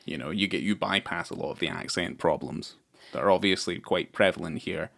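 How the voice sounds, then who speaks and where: A man's voice: deep voice, fairly quick, gravelly, a bit bright. A man co-hosting a film podcast in casual chat, rambling with lots of fillers and swearing. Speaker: podcast co-host.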